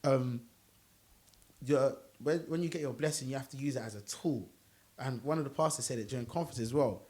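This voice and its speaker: A young man, telling a story in a relaxed group podcast chat and acting out his own prayers. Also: mid-range voice, brisk. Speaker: podcast co-host.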